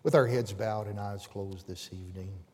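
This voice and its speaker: A man preaching a sermon as pastor, swinging between fervent, raised passages and quiet, hushed appeals to the congregation. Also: lowish voice, normal speed. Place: church sanctuary with pews. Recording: long reverb of a church hall.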